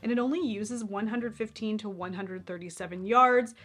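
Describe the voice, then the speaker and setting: Chatty young woman, knitting podcast host, mid-pitched, faint music underneath. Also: normal speed, a bit bright. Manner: chatty, enthusiastic, self-deprecating. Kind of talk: casual chat about knitting patterns.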